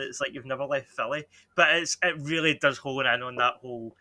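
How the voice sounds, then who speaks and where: A man in a relaxed, casual podcast chat. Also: mid-range voice, brisk. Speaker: podcast co-host.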